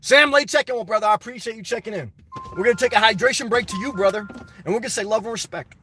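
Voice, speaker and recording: A man's voice: sits high, very fast, sharp tone, recorded from a distance, faint music behind. A middle-aged man hosting a casual live stream, answering chat in a blunt, opinionated, rambling way.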